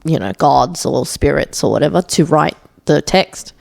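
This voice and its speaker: A woman's voice: low voice, expressive, normal speed, vocal fry. A young woman co-hosting a podcast, asking questions in a curious, teasing, casual way. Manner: curious, teasing, easy laughs. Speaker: podcast co-host. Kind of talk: casual chat.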